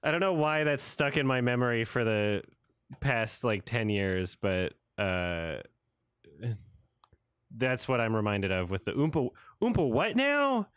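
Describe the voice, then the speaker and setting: A man's voice: fairly low pitch, unhurried, fairly bright tone, clear, resonant tone, no room sound, studio quality. A man in his thirties doing casual, sarcastic reaction commentary on a trailer, laughing and swearing as he goes.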